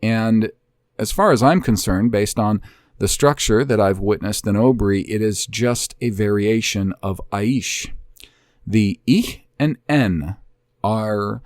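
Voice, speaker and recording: Man, low voice, very slow, earnest explainer, dry close sound; solo teaching host. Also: a little mellow, dry recording. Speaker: host of a Bible language channel. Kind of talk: explanatory talk walking through a document.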